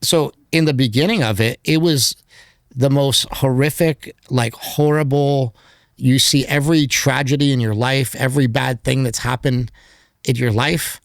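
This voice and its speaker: This documentary filmmaker, a podcast guest, has a rough, mid-pitched voice and speaks a little slowly with fairly even intonation. His casual interview talk is candid and wandering, crowded with filler words. The studio recording is close, dry, and echo-free.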